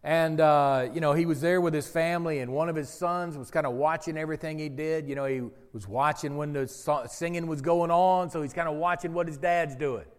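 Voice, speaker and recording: A man preaching a sermon to a congregation, telling jokes and stories in an animated way, drawing out words and raising his voice for emphasis. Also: fairly high pitch, a little fast, hardly any pauses, clean tone. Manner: animated storyteller, gets loud and drawn out for emphasis. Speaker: pastor. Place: church sanctuary with congregation. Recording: long hall reverb.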